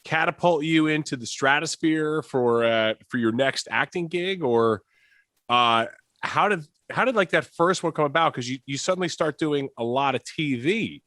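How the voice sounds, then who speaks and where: A man's voice: a little high, normal speed, a bit bright, dry recording. Joking male podcast host, dry sound. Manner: jokey, playful, puts on voices. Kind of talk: casual interview chat.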